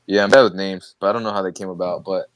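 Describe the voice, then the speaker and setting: A man's voice: low voice, steady tone, fast talker, no echo. A young man hosting a podcast, chatting casually, rambling with restarts and laughing often. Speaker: podcast host. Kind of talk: casual chat.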